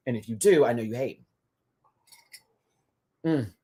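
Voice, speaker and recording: A man hosting a casual live review. He talks in a sassy, chatty way, full of drag slang and quick laughs. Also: expressive, background noise. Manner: laughs often, dramatic pitch swings. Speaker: host reviewing a TV episode live.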